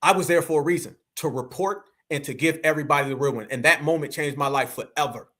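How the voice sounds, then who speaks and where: An American man hosts a livestream as an activist, his high-side voice bright and forceful at a quick pace. His preachy, rallying monologue keeps addressing viewers as family.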